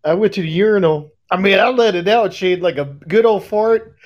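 A man's voice: sits high, moderate pace. A man chatting casually, telling funny stories and laughing along. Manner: laughing, storytelling. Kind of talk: casual chat. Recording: dull lo-fi audio.

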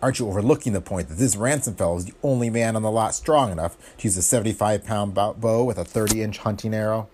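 A man's voice: on the low side, quick pace, hardly any pauses, a little mellow, a little hiss or hum, close to an everyday voice. A man voicing a haughty, venomous male villain who talks in pompous, sneering, prissy phrases.

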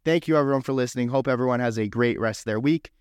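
A young man co-hosting a sports podcast, relaxed and wry, often hedging his hopes. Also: medium pitch, very fast, clear, resonant tone, no echo, clean studio sound. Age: young adult. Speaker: podcast co-host. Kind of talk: casual sports podcast chat.

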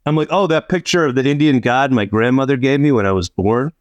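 A man's voice: medium pitch, fast, no echo, muffled recording. A man co-hosting a podcast, telling a story in casual chat, laughing often and acting out what people said. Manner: animated, laughing storyteller, acts out quotes. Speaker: podcast co-host.

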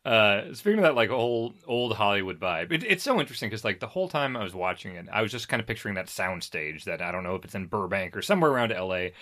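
A man co-hosting a podcast, chatting casually about an old film, animated and jokey. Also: on the low side, fast, few pauses. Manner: animated, jokey, slips into silly impressions.

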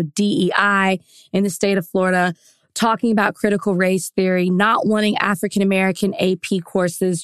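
A woman co-hosting a podcast, making her case in quick, opinionated bursts. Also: medium pitch, dry recording, clean studio sound. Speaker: podcast co-host. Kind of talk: casual chat.

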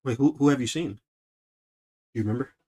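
A man's voice: mid-range voice, fast talker, warm tone, breathy edge. A man hosting a casual podcast interview, laid-back and loose, swearing a lot and saying "like" and "bro" often. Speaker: podcast host. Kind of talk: casual conversation.

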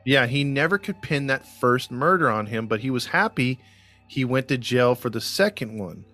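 A man's voice: medium pitch, expressive, normal speed, bright, forceful tone, faint music behind. A man casually telling a crime case as podcast host, with many fillers and restarts. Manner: rambling, filler-heavy storytelling. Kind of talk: casual true crime chat.

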